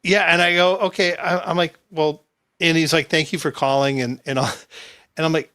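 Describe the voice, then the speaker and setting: A man spins a rambling anecdote for his friends, slipping into the voices of the people in it. His voice is bright and forceful and sits a little high. He laughs as he goes. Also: normal speed. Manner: animated storyteller, acts out quotes, laughs often. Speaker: podcast host. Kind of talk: casual storytelling chat.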